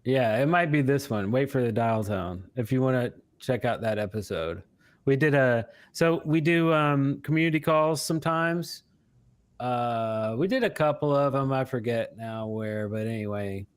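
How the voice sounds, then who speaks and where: A man's voice: mid-range voice, moderate pace, clear, resonant tone, no echo. A man co-hosting a live stream, chatting casually, laughing often and reading viewer comments aloud. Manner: animated, laughs often, reads chat aloud. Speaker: co-host of a live show.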